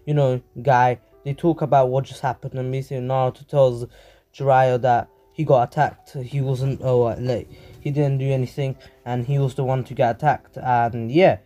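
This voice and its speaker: A man's voice: mid-range voice, little pitch movement, moderate pace, dark tone, faint music behind. A man casually narrating a fan story, rambling with many fillers and restarts. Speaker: anime channel narrator.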